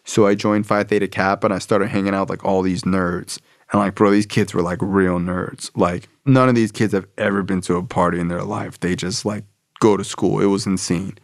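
A man's voice: low voice, fairly even intonation, normal speed, vocal fry, dry recording, clean studio sound. A young man telling a personal recovery story in a casual, profane way, full of slang and fillers.

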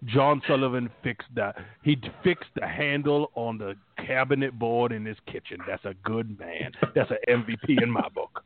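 A man voicing a gruff old football man with a folksy, scolding drawl. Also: medium pitch, normal speed, few pauses, close to an everyday voice. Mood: preachy. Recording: phone-like line.

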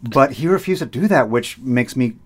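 A man's voice: mid-range voice, expressive, normal speed. A man who hosts public radio, talking in casual conversation and often repeating words as he thinks aloud. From United States. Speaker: public radio host, guest.

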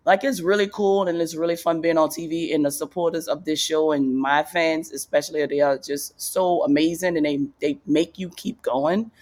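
A woman comedian being interviewed in a casual podcast chat, loose and rambling, leaping into high excited voices when she quotes people. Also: normal speed, hardly any pauses. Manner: loose, rambling delivery with restarts. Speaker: guest comedian.

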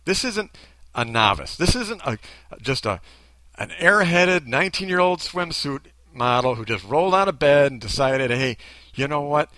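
Male commentator, mocking and emphatic, bright edge to the voice. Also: a little high, big pitch swings, normal speed, no echo. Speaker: commentator reacting to a video. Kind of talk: critical commentary.

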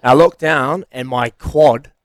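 A man telling a story about an old injury on a casual podcast, with expressive delivery. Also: mid-range voice, slow, no echo, clean studio sound. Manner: expressive, lively intonation. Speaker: podcast co-host, former player.

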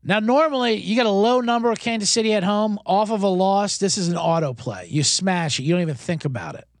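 Gravelly-voiced man hosting a betting show. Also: high voice, lively intonation, a little fast, no echo, clean studio sound. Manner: rambling, self-mocking, rhetorical questions. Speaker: host. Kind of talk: casual sports betting talk.

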